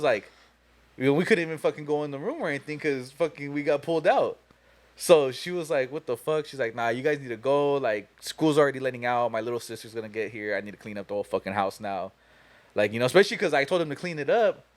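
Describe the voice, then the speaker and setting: A young man hosting a podcast, telling a long story casually, profane and laughing as he goes. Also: medium pitch. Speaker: podcast host.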